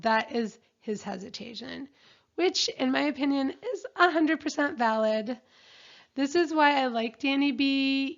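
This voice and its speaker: A woman recapping a reality show episode in a chatty, opinionated way. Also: on the high side. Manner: chatty and opinionated, reads out quotes. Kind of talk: casual episode recap narration. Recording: dull lo-fi recording.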